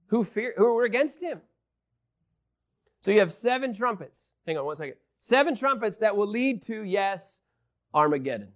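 A man teaching a Bible lesson, excitable, swinging between loud emphasis and hushed asides. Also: high-pitched.

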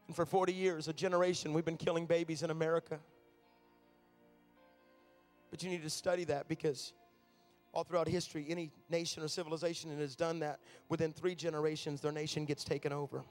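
A man preaching a sermon to a church crowd, telling stories and building up to shouted, fervent climaxes. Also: fairly high pitch, level tone, fast, faint music behind. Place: church auditorium.

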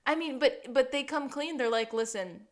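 A woman's voice: high voice, normal speed. A woman co-hosting a podcast, animatedly recapping a TV episode, quoting characters' lines and laughing a lot. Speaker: podcast co-host. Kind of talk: casual chat recapping a TV episode.

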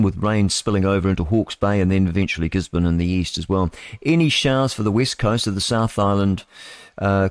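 A man's voice: on the low side, a little mellow, no room sound, clean studio sound. A man with a New Zealand accent hosting live radio news, reading headlines in a chatty, rambling way with asides and tag questions to listeners.

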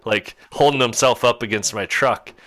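A man spins a story to his friends in an animated, chatty way, often breaking into laughter. His voice is bright and ringing, at an average pitch for a man. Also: normal speed, slight background noise. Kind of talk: casual storytelling chat.

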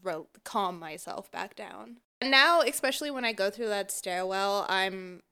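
A woman co-hosting a podcast, telling a story in casual chat, animated and often laughing as she acts out what people said. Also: mid-range voice, unhurried, clear, resonant tone. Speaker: podcast co-host.

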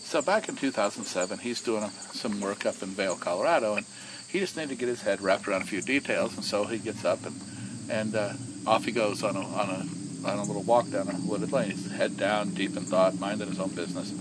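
Animated storytelling man, crickets behind. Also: lowish voice, brisk, noisy background. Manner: animated, repeats and restarts words. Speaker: whiskey distillery co-founder. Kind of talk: casual storytelling.

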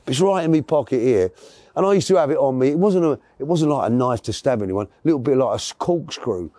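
An interview guest spins a long, casual yarn in a chatty, meandering way, fixing his own words as he goes. His medium-pitched, mellow voice is animated and fast, and there's no echo.

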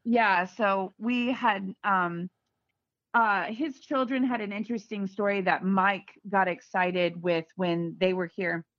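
A woman, a guest on a podcast, telling a story in a casual, lively way and acting out the voices of others. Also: medium pitch, takes it slowly, dry recording. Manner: lively, acts out quoted voices. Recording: dull, dry podcast audio.

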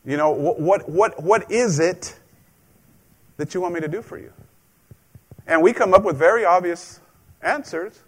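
A man's voice: high voice, a little slow, pauses often, husky. A man preaching a conversational sermon as a pastor, joking in asides and repeating phrases for emphasis.

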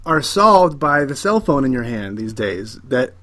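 This is a man with an ordinary mid-range voice in a casual co-host conversation. He is animated and opinionated, and he circles back over his words as he builds a point. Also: medium pitch, a little slow. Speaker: podcast co-host. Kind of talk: casual chat about a TV show.

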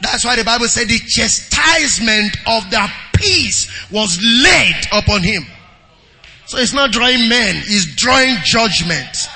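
A man preaching to his congregation in a very bright, high voice. He calls out for amens, reads scripture aloud, and moves between quiet asides and shouted lines. His voice rings with a long reverb in a church hall. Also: lively intonation, measured pace, soft background music. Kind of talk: sermon with scripture reading.

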